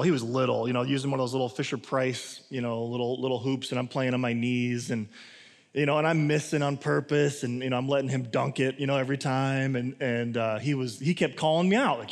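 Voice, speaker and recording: A man's voice: medium pitch, big-room sound. A man preaching a casual sermon as pastor, talking conversationally with many fillers and restarts.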